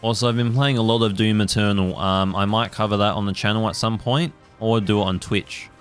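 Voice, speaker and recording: A man giving let's play commentary with a somewhat low, smooth voice. He talks casually and rambles, full of fillers and occasional swearing. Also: steady tone, fairly quick, soft background music. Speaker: gaming channel host.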